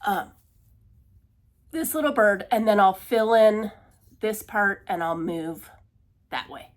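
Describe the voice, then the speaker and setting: A woman talks casually through her stitching projects at a middle pitch. She laughs at herself and apologizes often. Now and then she drops to a near-whisper when she fumbles. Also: expressive, unhurried. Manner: chatty, self-deprecating, laughs and apologizes often. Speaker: cross-stitch vlogger. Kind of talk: casual chat.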